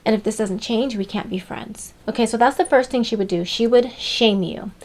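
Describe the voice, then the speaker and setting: A woman's voice: fairly high pitch, moderate pace, darkish tone. Young adult woman vlogger, casual advice storytime, emphatic and chatty. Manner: chatty and emphatic, laughs between points.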